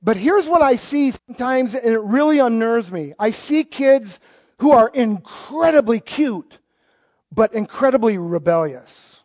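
A high-pitched middle-aged man, delivering a sermon from the pulpit. He swings from loud, punchy lines to soft asides. The recording is dull and lo-fi. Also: expressive, unhurried. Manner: emphatic, swings between loud exclamations and quiet asides. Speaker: pastor.

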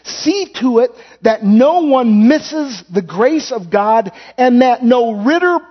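A man with a high-pitched voice delivers a sermon, telling folksy stories and acting out quotes as he goes. He catches and corrects his own slips as he talks. The recording sounds dull and lo-fi. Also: expressive, slow pace. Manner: storytelling with acted-out quotes; folksy, with self-correcting restarts. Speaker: pastor.

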